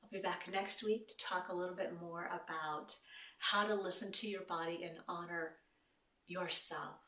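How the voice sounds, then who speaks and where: A woman host and wellness coach giving gentle, encouraging advice to her viewers. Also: fairly low pitch, steady tone, normal speed. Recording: roomy echo, voice from a distance.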